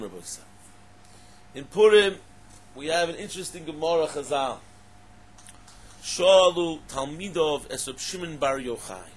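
A Torah teacher with a slightly high voice gives an English lecture peppered with Hebrew and Aramaic terms. He poses questions, then repeats and stresses them, with slight background noise audible.

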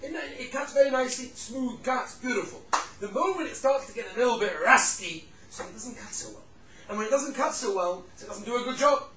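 A man giving a Torah class to a room of listeners, telling stories with lively swings between loud emphasis and hushed tones. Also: extremely high pitch, brisk, reverberant, far from the mic, a little hiss or hum, low-quality recording. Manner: animated storyteller, drops to hushed tones for the sad parts.

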